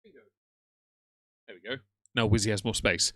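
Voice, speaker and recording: A man's voice: on the low side, fairly even intonation, moderate pace, fairly bright tone, no echo. A man hosting a live stream, chatting casually with viewers and teasing the video he is watching. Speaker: livestream host reacting to a video.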